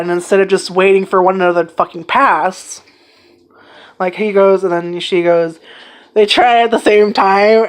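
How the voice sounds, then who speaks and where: A woman giving a casual, rambling anime review, excitedly retelling scenes and swearing freely. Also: mid-range voice.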